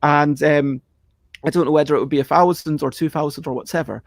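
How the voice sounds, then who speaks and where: A man with a fairly high voice chats casually on his live stream. He rambles and cuts himself off, and now and then he acts out a panicked reaction. The sound is close and dry, with no room echo. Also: fairly even intonation, brisk, creaky. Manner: chatty, self-interrupting, acts out panicked reactions. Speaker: livestream host answering viewer questions.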